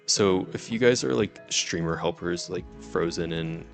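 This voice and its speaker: A man's voice: low-pitched, unhurried, vocal fry, over music. A young man in his twenties chatting casually on a live stream, giddy and laughing often, swearing freely. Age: 20s.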